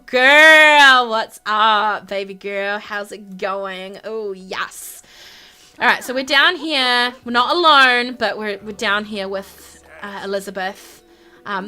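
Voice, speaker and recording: Bubbly, bright-voiced woman gamer. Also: a little high. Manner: chatty, bubbly, lots of fillers. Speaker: gaming channel host. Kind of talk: casual gameplay commentary.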